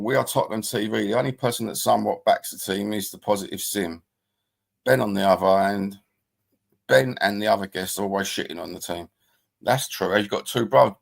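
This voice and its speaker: A man's voice: fairly low pitch, gravelly. A middle-aged man with a London accent hosting a live stream, rambling heatedly and swearing often as he reads and answers the chat.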